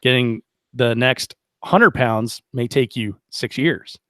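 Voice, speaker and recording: A man hosting a casual podcast interview, relaxed and chatty, reading out listener comments and asking long questions. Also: mid-range voice, slow pace, no echo. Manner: relaxed, chatty, reads live chat aloud. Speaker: podcast host.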